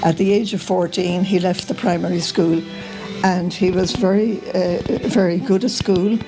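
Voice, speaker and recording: Older Irish woman, low gravelly voice, meandering storyteller with lots of "uh" and "um". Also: fairly even intonation, moderate pace, over music, poor audio. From Ireland. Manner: meandering, full of uh and um. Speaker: reunion guest telling family stories. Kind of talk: casual storytelling to camera.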